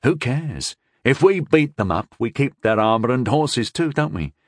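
A man's voice: medium pitch, very animated, measured pace, dry recording, studio quality. A man voicing a blunt, eager young male squire with a crude, scheming manner.

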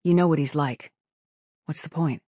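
A man's voice: a little high, fairly even intonation, normal speed, mellow, no room sound, close to an everyday voice. A young woman who asks pointed, doubtful questions, as a man reads her. Her manner is plain and direct. The read is dry and close. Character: young female crew member, questioning.

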